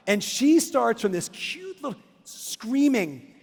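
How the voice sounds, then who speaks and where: An excitable male keynote speaker acts out his story on stage and breaks into shouts. His voice is high and gravelly, and he speaks slowly and deliberately. A long reverb from the large hall trails every phrase. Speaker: real estate coach and keynote speaker. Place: big conference hall at a live summit.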